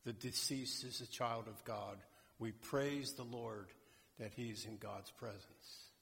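A man preaching a sermon slowly and emphatically, addressing a congregation. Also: lowish voice, steady tone, gravelly, a bit bright, slightly rough. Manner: slow, deliberate, emphatic preaching. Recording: long hall reverb.

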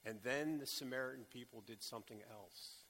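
A man preaching a sermon, speaking slowly and deliberately with bursts of urgent emphasis. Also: medium pitch, a bit bright. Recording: echoey hall with long reverb.

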